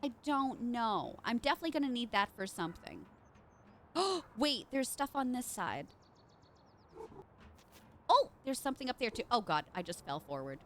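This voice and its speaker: Bubbly, animated woman streamer. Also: a little high, moderate pace, pauses often, a little hiss or hum. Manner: bubbly, chatty, reads chat aloud. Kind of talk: live gameplay commentary.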